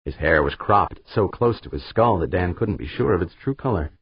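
Low, husky male audiobook narrator. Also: expressive, moderate pace, no echo. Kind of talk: scripted narration. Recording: slightly dull, dry recording.

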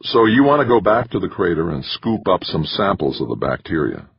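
A man's voice: low voice, big pitch swings, vocal fry, slightly rough, dry recording, full character voice. A man doing a weary, patient mission leader. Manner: weary, measured. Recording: dull lo-fi recording.

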